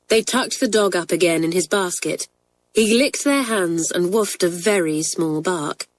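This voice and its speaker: A woman narrating a children's storybook in a clear, even manner. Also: on the low side, a little slow. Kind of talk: storybook reading.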